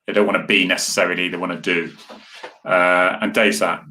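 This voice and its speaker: A man's voice: low-pitched, level tone, fairly quick, sharp tone, a little hiss or hum. A man hosting a casual live chat, talking earnestly and rambling as he answers viewer comments. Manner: rambling, earnest, with many restarts and asides to viewers. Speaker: host.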